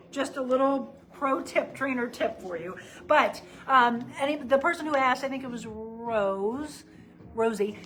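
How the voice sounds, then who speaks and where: Upbeat, fairly high-voiced woman trainer. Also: rough recording. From St. Louis area, Missouri. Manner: upbeat and chatty, talking while demonstrating exercises. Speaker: personal trainer and life coach. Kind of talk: casual live-streamed workout talk.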